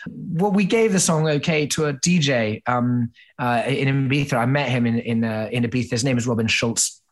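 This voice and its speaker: A man's voice: medium pitch, normal speed. A man hosting a podcast, telling a self-mocking story in a chatty way, with many fillers and restarts. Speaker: podcast host. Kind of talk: casual storytelling.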